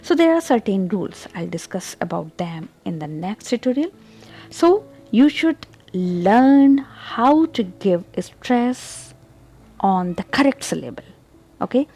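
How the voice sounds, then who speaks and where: Slow, warm-voiced woman teaching pronunciation. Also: mid-range voice, big pitch swings, husky. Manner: deliberate, repeats words, checks in with "okay?". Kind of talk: slow spoken lesson with example words.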